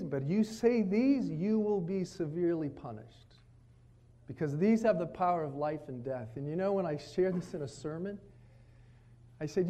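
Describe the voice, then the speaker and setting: Male pastor, slightly high-pitched, animated sermon delivery with family anecdotes. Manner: storytelling preacher, animated, quotes his kids. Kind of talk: sermon at a retreat. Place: retreat meeting room.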